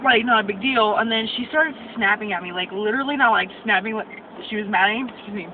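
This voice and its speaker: A woman's voice: mid-range voice, fast talker. Ranting young woman on a tinny phone. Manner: ranting, acts out quoted people. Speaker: medical assistant student vlogger. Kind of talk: venting vlog rant. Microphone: phone camera. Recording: tinny phone audio with noise.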